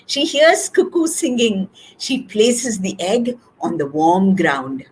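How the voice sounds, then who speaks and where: A woman's voice: medium pitch, animated, takes it slowly, few pauses, a little mellow, slight background noise, rough recording. A woman reading a children's picture book aloud in a webinar, adding chatty asides to her audience. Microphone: video call.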